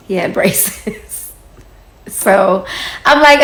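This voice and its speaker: A woman in her 40s, recorded in an echoey room, shares a personal story on social media in a relaxed, chatty manner and performs the lines of dialogue she quotes. She speaks at a measured pace with a medium-pitched, slightly bright voice.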